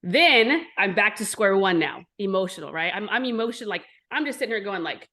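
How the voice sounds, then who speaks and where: This entrepreneur, a woman in her 40s, shares her story in an interview with blunt, animated energy and plenty of swearing. Her medium-pitched voice moves fairly quickly with few pauses.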